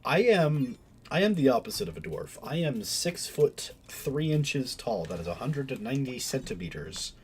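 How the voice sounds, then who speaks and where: A man's voice: medium pitch, big pitch swings, moderate pace, a little mellow, a little hiss or hum. A man streaming a game, chatting casually in a rambling way, often stopping and restarting his sentences. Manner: rambling, self-interrupting, many fillers. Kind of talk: casual stream chat while gaming.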